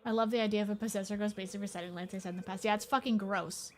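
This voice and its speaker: Racing along in a steady-toned, mid-range voice over slight background noise, a woman streams a horror game. Her casual let's-play commentary is chatty and rambling, with lots of swearing.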